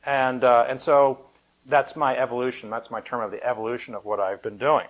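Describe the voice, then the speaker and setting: A man's voice: medium pitch, little pitch movement, brisk. A middle-aged man, a funeral director, gives a live talk to an audience in a conversational, anecdotal way with light humor. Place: event room at a funeral home, with an audience present.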